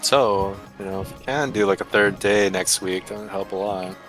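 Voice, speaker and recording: Bright-voiced man in gaming voice chat. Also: low-pitched, normal speed, soft background music, low-quality recording. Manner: talkative, explaining.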